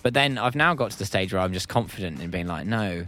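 A man's voice: sits low, expressive, quick pace, sharp tone, faint music behind. A young Englishman with an English accent, chatting casually and making wry, dry jokes as co-host. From England. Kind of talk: casual comedic chat.

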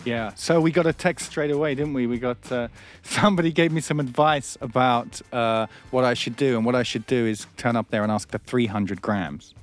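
A man's voice: mid-range voice, moderate pace, hardly any pauses. A man who does stand-up, hosting a radio show and telling rambling anecdotes, laughing and acting out other people's lines. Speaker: comedian and radio host. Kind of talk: casual radio storytelling. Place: radio studio.

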